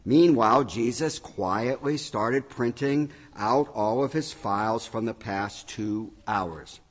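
A middle-aged male pastor preaching a sermon, reading scripture and telling a joke with animated, acted-out storytelling. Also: mid-range voice, takes it slowly. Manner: animated storytelling, acting out shouts. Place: church sanctuary. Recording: long reverb of a large hall.

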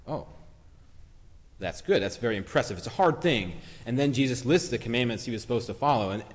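A man's voice: mid-range voice, in a large hall. A man giving a sermon in a conversational, reflective way, acting out short quotes as he retells a story. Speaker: preacher.

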